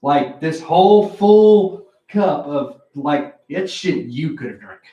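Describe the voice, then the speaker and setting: Profane, animated male storyteller. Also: on the high side, slow pace, recorded from a distance, lo-fi sound. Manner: profane, animated storyteller who acts out quotes. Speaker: poker game host. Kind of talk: casual storytelling chat. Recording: roomy echo, away from the mic.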